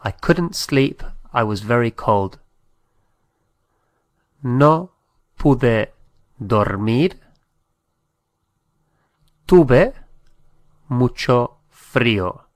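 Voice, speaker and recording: A man's voice: medium pitch, lively intonation, drawn-out words, long pauses, no room sound. A man giving a patient language lesson, spelling out words letter by letter. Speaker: Spanish teacher.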